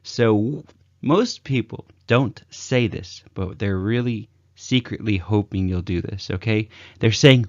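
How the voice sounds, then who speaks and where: An animated man with a fairly low voice talks through communication tips and plays out the example lines with big leaps in pitch. The sound is dry and a little muffled, like a modest home setup. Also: unhurried, no room sound. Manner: energetic, acts out examples with big pitch swings. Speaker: communication coach. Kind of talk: casual advice talk to camera.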